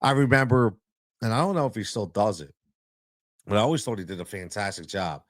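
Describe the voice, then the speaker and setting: A man's voice: on the low side, lively intonation, a little fast, no room sound. A man hosting a solo podcast as a youth coach, talking in a blunt, emphatic way and repeating his points for stress into a close mic. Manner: blunt, plain-spoken.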